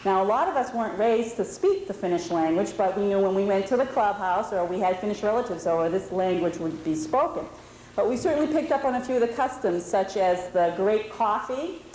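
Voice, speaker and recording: Brisk and lively in intonation, a woman with a medium-pitched, slightly mellow voice gives an informal explanatory talk at a historical society meeting. She is in her forties, from New England, and speaks conversationally with fillers. The indoor lodge hall makes the recording roomy, with faint noise behind her.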